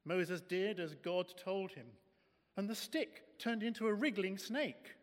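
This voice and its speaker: A man reading a children's Bible story aloud in a church, slow and expressive. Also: high voice. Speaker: reader. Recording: echoey hall.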